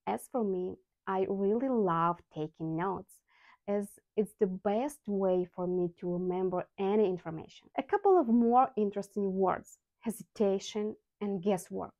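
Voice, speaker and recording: In a scripted English vocabulary lesson, a non-native woman speaker pronounces example sounds slowly and with care. Her mid-range voice is mellow, and the audio is dull with no room sound.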